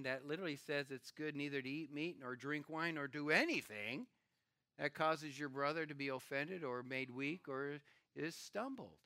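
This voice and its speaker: An older man, a pastor, preaching a sermon with animated storytelling and acted-out quotes. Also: on the high side, dry recording, studio quality.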